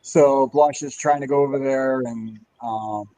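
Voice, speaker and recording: A man's voice: medium pitch, steady tone, measured pace, warm tone, no room sound, poor audio. A man on a casual podcast chat, retelling a comic's plot in a rambling way with lots of fillers and chuckles. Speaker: guest.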